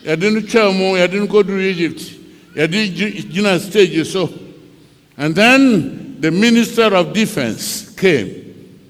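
A man's voice: sits high, slow pace. A man with a Ghanaian accent preaching a sermon, telling a story dramatically and mixing English with Twi. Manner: dramatic storytelling, switching between English and Twi, acting out cries. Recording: long reverb of a large hall.

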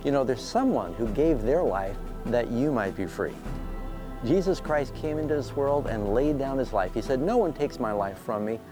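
Man, earnest preacher, lively pitch, music underneath. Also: moderate pace, poor audio. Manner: earnest, quotes scripture, appeals to listeners. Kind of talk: devotional sermon segment. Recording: music bed behind.

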